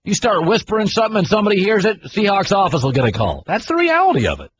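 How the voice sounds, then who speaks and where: A middle-aged man hosting a sports talk radio show, arguing his opinions in a brash, animated way. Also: high voice, quick pace. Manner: brash, argumentative, mimics people in loud voices. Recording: dull broadcast audio with faint noise.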